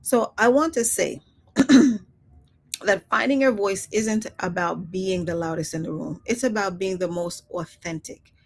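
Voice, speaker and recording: A woman's voice: medium pitch, a little slow. A woman talking candidly in a reflective personal live stream, often laughing and acting out her own quoted remarks.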